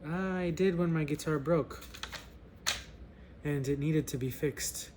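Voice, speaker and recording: A man's voice: a little high, takes it slowly, noisy background. A man voicing an easygoing village fisherman while reading a story aloud. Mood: unbothered.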